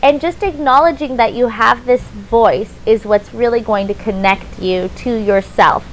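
A woman's voice: fairly high pitch, a little slow, slight background noise, poor audio. A woman hosting an interview, chatty and summarizing her guest's points. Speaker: host. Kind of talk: conversational interview.

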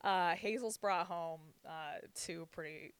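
A woman's voice: fairly low pitch, slow, clear, resonant tone, no room sound. A young woman telling gossipy family stories in casual chat, with lots of laughter and filler words. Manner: storytelling with frequent laughs and "like" fillers. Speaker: podcast co-host.

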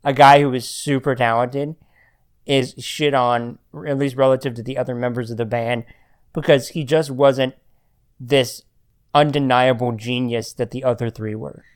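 A man's voice: mid-range voice, fairly even intonation, normal speed, smooth. A man hosting a podcast, chatting casually with dry, wry humor. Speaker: podcast host. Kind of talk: casual chat.

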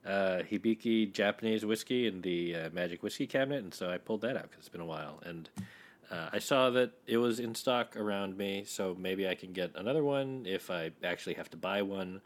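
A man's voice: low-pitched, fairly quick. A man co-hosting a podcast, rambling casually with many fillers. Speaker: podcast co-host. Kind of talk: casual chat.

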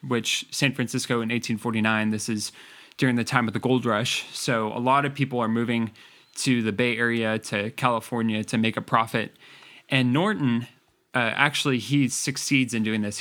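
A man's voice: mid-range voice, a bit bright. A man co-hosting a podcast, telling a history story in a casual, rambling way with many fillers. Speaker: podcast co-host presenting the story.

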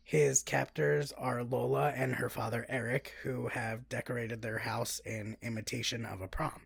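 A woman with a gravelly, husky voice chats on a podcast, laughing easily and wandering through her thoughts with plenty of fillers. She reads a plot summary aloud in an easygoing way, close to a dry mic. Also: a bass voice, fairly even intonation, normal speed, no room sound. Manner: laughs often, rambling with many "like" fillers. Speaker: podcast co-host. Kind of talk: casual chat, reading a plot summary.

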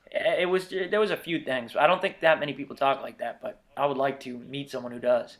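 A man from the Boston area chatting casually, making wry jokes and quick asides. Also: fairly high pitch. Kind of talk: casual chat.

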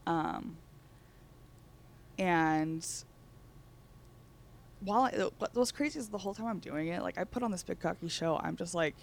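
A woman's voice: fairly low pitch, normal speed, vocal fry, pauses often, a little hiss or hum. A woman co-hosting a casual chat, telling rambling laid-back stories full of fillers and laughter.

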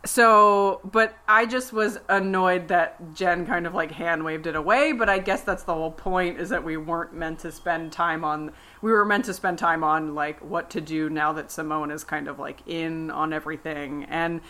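A woman's voice: low-pitched, steady tone, moderate pace, few pauses, pushed and bright. A woman co-hosting a podcast, chatting casually in a rambling way full of restarts and asides. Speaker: podcast co-host. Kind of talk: casual chat.

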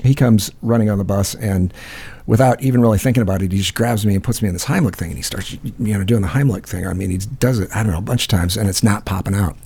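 A man's voice: fairly low pitch, fast talker, mellow, husky. A man hosting a call-in show, telling a rambling, profane story full of fillers. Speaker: host. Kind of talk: casual storytelling.

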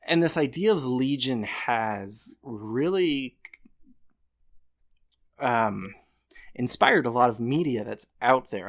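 A man co-hosting a casual podcast chat, explaining things and often breaking into laughter. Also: mid-range voice. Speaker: podcast co-host.

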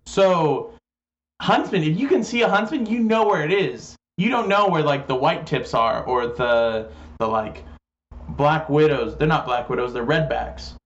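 A man's voice: on the high side, animated, a little slow, lo-fi sound. A man chatting casually on a podcast, joking and rambling with many fillers. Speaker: podcast host, guest.

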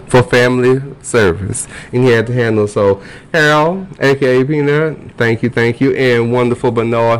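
A man hosting a casual podcast, animated and jokey, swearing freely and jumping into high squeals. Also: low-quality recording. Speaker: podcast host. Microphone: studio microphone.

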